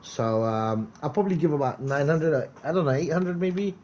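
A man's voice: on the high side, normal speed, a little hiss or hum. A man streaming a game live, chatting casually and calling out viewers by name. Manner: excitable, calls out viewers by name. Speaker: gaming streamer.

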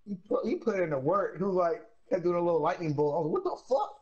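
A man playing a game with a friend, swearing and trash-talking loudly. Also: sits high, quick pace, breathy edge, highs cut off. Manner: crude trash talk and heavy swearing. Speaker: co-op gaming partner. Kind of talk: casual gameplay chat.

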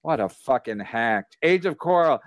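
A man's voice: medium pitch, lively intonation, moderate pace, no echo, lo-fi sound. A man co-hosting a comedy podcast, talking in a brash, profane, rambling way. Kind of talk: casual podcast banter.

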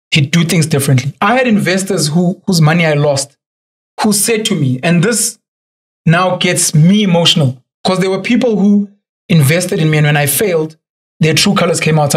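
A man's voice: fairly high pitch, a little fast. A young South African man, a podcast guest and entrepreneur, telling stories casually and acting out the people he quotes. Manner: animated storyteller who acts out quoted voices.

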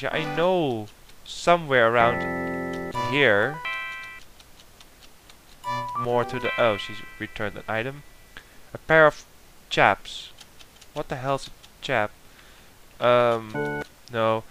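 A man chatting through a computer game as he plays, reading the clue texts aloud and muttering when he guesses wrong. His voice is mid-pitched and ordinary, and plucked-guitar game music plays clearly behind him. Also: expressive, slow pace, pauses often, sharp tone. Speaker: let's play commentator. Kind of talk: casual gameplay commentary.

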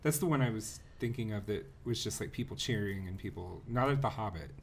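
A man in his forties co-hosting a movie podcast, telling rambling and animated anecdotes. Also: fairly low pitch, fairly quick. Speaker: podcast co-host. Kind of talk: casual roundtable chat.

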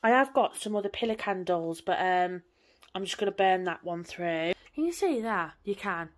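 A woman's voice: mid-range voice, lively intonation, normal speed. A woman, chatting casually and rambling on in a home vlog from her living room. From England. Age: 20s. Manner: chatty, rambling, swears lightly. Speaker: vlogger.

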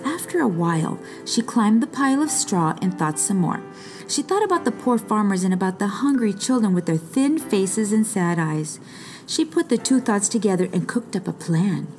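A woman's voice: mid-range voice, lively intonation, moderate pace, darkish tone, soft background music. A woman reading a storybook aloud in a read-along, shifting her voice for the characters. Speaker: music teacher reading aloud.

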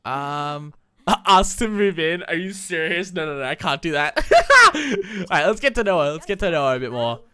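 A young adult gamer talks through a session in loose, excitable slang, laughing easily. The voice is bright and smooth, with pitch that leaps around, and it is recorded dry with no room sound. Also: normal speed, no room sound. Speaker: gameplay commentator. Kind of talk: casual Let's Play commentary.

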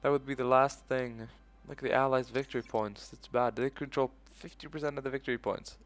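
A man's voice: medium pitch, fairly even intonation, fairly quick, faint music behind. A man giving casual let's-play commentary, thinking aloud in a loose, profane way. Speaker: gaming video host.

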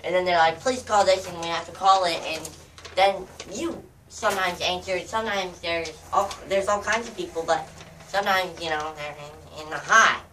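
A woman's voice: lowish voice, moderate pace, pushed and bright, slight background noise. Rambling, joking woman recorded from afar. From United States. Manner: rambling, joking, easily sidetracked. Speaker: YouTuber addressing viewers. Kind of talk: casual rambling vlog. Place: outdoors in the cold. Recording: distant mic with faint outdoor ambience.

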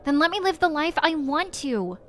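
A woman's voice: on the high side, normal speed, slight background noise, close to an everyday voice. A woman reading as a frustrated young woman. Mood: defensive. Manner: plain reading, no accent attempted.

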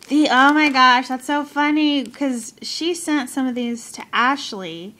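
A woman with a gushing, giggly manner, excitedly unboxing gifts in a chatty video. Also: high-pitched, slow pace. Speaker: craft vlogger. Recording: noisy home recording. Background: paper crinkling.

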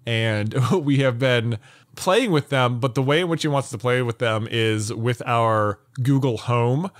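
Young man, podcast co-host, relaxed storyteller, middle pitch, dry recording. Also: a little slow, no room sound. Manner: relaxed storytelling with playful acted-out bits. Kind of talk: casual chat.

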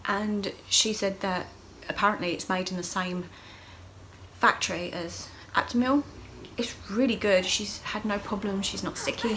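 A woman's voice: medium pitch, sharp tone, a little hiss or hum. A middle-aged woman talking openly and emotionally in a casual video diary, laughing often. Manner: open, emotional, chatty with frequent laughs. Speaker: vlogger.

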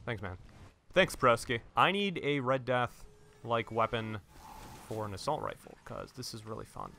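An excitable young man narrating his own gameplay, his voice bright and bouncing all over the place. He jokes, talks to his teammates and swears at his deaths, speaking close into a headset mic. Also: medium pitch, moderate pace. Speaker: gaming channel host. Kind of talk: let's-play gameplay commentary.

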